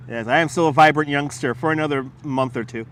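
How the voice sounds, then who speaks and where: A man walks and talks on a livestream, his voice a little higher than most. He rambles, laughs easily and swears as he answers chat. A lapel mic picks him up over faint street traffic. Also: fairly bright tone. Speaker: livestream host. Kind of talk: casual live-stream chat while walking. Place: outdoors on a city waterfront. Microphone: wireless lapel mic.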